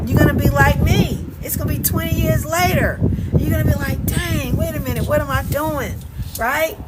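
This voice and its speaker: A woman's voice: mid-range voice, background noise. A middle-aged woman with a Southern US accent talking casually on a phone livestream, emphatic and repeating words, often asking "okay?". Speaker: vlogger and relocation coach. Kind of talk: casual livestream talk to viewers.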